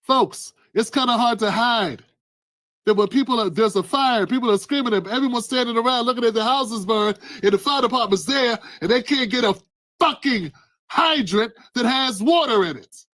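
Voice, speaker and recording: High-voiced fired-up male commentator. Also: normal speed, no echo, clean studio sound. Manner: emphatic, preachy, rising to shouts. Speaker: news commentary host. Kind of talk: heated political commentary.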